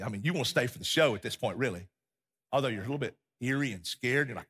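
A man preaching a sermon as a pastor, telling the story vividly and acting out the scenes, sometimes dropping to a quiet, intense delivery. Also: mid-range voice, expressive, fast talker, breathy edge.

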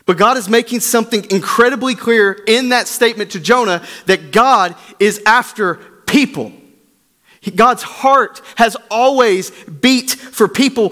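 Emphatic male pastor, high voice, echoing church hall. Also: unhurried, pushed and bright. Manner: emphatic and repetitive, speaks to the congregation. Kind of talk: sermon.

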